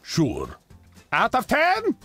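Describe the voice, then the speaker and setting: A man voicing a gruff, terse male countryball who grumbles in clipped words. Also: very high voice, wildly swooping pitch, extremely slow, fairly bright tone, soft background music, exaggerated voice.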